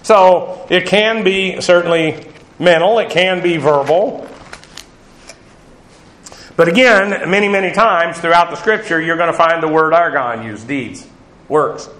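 A man's voice: a little high, measured pace, fairly bright tone, roomy sound, low-quality recording. A male pastor giving a conversational Bible teaching, loose and digressive with many fillers. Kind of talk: sermon.

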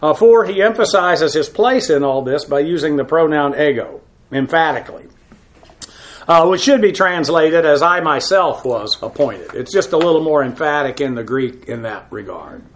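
A man with a somewhat high voice teaches a verse-by-verse Bible lesson. He pauses often on uh fillers while working through the text. His asides are blunt and frank. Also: lively intonation. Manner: halting, frequent uh fillers. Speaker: pastor.

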